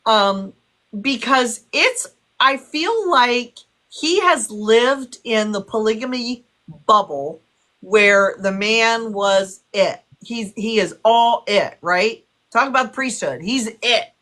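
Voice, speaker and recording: A woman's voice: a little high, lively intonation, slow pace, a bit bright. A woman interviewing a guest, reflecting aloud in a conversational way.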